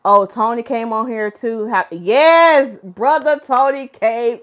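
A woman, a hair stylist hosting a casual live stream and talking to her chat in an animated, preachy way. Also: on the high side, slow pace. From North Carolina, USA.

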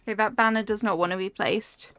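A woman's voice: mid-range voice, steady tone, a little fast, a bit bright, clean tone, no room sound, soft background music. A young woman streaming a cozy game, chatting casually and reacting aloud to what happens on screen while answering her chat.

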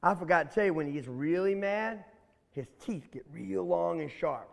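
A man voicing a sly, teasing female rabbit trickster in a quick, mock-friendly manner. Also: sits high, lively intonation, vocal fry. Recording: long hall reverb.

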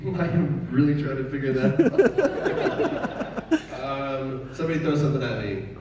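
A man's voice: mid-range voice, very animated, a little slow, very noisy. A man bantering playfully on a live panel. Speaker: voice actor on a panel. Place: large convention hall. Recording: echoey hall from far off, crowd. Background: crowd murmur.

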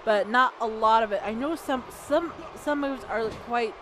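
A woman commentating her own wrestling video game match, excitable, swearing and shouting at the screen. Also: on the high side, normal speed. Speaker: gaming channel host. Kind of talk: let's play commentary. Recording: game crowd and arena noise behind.

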